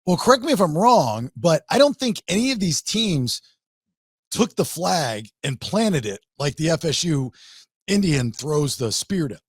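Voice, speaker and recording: A man hosting a podcast, chatting casually about college football and rising in pitch when he makes a point. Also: big pitch swings, unhurried, slightly rough, no echo. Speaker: podcast host. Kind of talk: casual sports chat.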